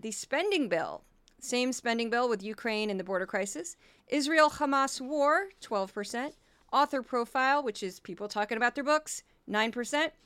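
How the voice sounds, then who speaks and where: A woman hosting a media commentary podcast who talks in a brisk, wry way while she rattles off figures. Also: fairly high pitch, pushed and bright, clean tone, no room sound. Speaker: podcast host. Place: home studio with a sound wall. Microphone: close podcast mic.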